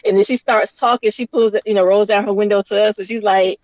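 A woman's voice: medium pitch, fairly even intonation, a little fast, a little mellow, no echo, lo-fi sound. Chatty woman telling a story over a call. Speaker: podcast co-host. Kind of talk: casual storytelling.

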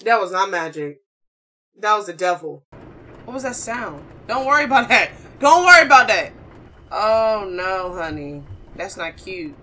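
A woman's voice: mid-range voice, lively intonation, measured pace. A woman hosting a horror game channel, yelping at scares and teasing the game characters in slangy talk. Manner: loud, jumpy, yelps and shouts at scares. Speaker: gaming channel host.

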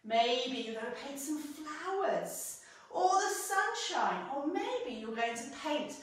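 A woman's voice: high-pitched, big pitch swings, slow pace, distant mic. A young woman with a British accent guiding children through a pilates class, in a sing-song, playful, encouraging way. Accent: British English. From England. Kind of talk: guided kids' movement class. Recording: echoey room, off-mic.

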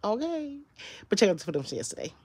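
A woman's voice: mid-range voice, fast talker, breathy edge. A young woman from Michigan vlogging in a casual, sassy way, calling her viewers girl and baby. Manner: animated sing-song story-time voice for a child. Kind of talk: casual vlog chat.

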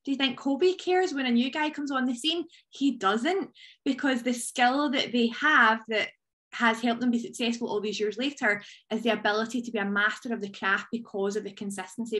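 A woman giving an energetic motivational talk on a video training call, chatty and playful. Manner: energetic, chatty, jumps into high playful voices. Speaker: team leader on a training call.

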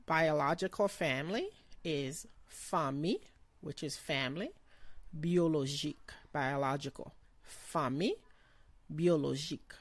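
A woman giving a slow vocabulary lesson, pronouncing each word carefully and repeating it. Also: low-pitched. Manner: slow, careful pronunciation with repetitions. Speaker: language teacher.

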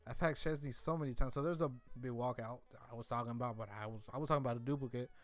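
A man's voice: medium pitch, fairly even intonation, rapid-fire, faint music behind. A young man giving rambling casual commentary while opening game card packs, repeating himself with mock-defensive asides. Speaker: gaming YouTuber.

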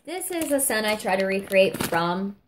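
A woman's voice: medium pitch, very animated, moderate pace, background noise. A woman reviewing products in a casual, gushing chat, a little sniffly, full of fillers. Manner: gushing, chatty, many fillers, addresses viewers as y'all. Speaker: vlogger reviewing scented products.

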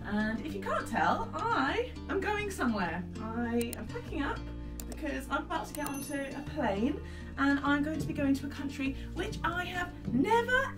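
A young woman from England chatting upbeat to camera as a travel vlogger, laughing often. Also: fairly high pitch. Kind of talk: casual vlog talk to camera.

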